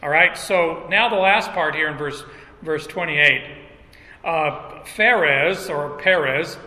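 A middle-aged man preaching a sermon, talking slowly and haltingly, with restarts and small chuckles. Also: on the high side, sharp tone. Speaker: pastor. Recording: long hall reverb.

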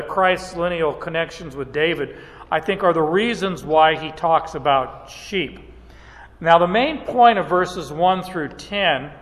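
Male Bible teacher, very deliberate pace, halting with "uh" pauses, fairly high voice. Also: fairly bright tone, long reverb tail. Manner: unhurried, with frequent "uh" pauses and restarts. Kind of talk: verse-by-verse Bible lecture.

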